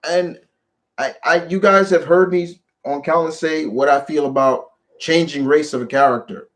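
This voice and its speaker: A man hosting a casual live chat about movies, talking in an animated, rambling way with lots of restarts. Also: on the high side, moderate pace. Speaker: show host.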